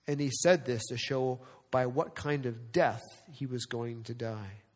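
A male pastor preaching a dramatic, emphatic sermon full of rhetorical questions, slowing down for weighty lines and speeding up for asides. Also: fairly high pitch, big-room sound. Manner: swings between slow weighty phrasing and quick asides.

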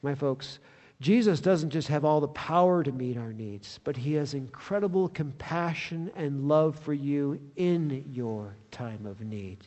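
A man preaching a sermon as a pastor, telling the story in an animated way that swells with excitement. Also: a little high, unhurried, in a large hall.

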